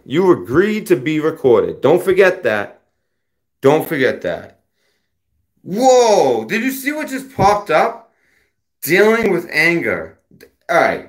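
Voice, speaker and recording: Profane man ranting at a rival. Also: mid-range voice. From United States. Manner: confrontational, profane, addresses a rival directly. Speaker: channel host. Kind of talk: heated rant to camera.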